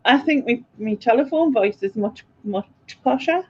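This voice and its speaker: A woman hosting a casual chat with friends, chatty and quick to laugh. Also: fairly high pitch, expressive, husky, dull audio. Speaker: channel host.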